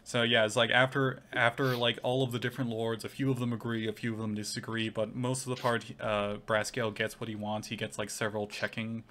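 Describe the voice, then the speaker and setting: A man's voice: medium pitch, little pitch movement, brisk, hardly any pauses, sharp tone, slight background noise. A man narrating a tabletop game as game master, in a rambling way full of fillers.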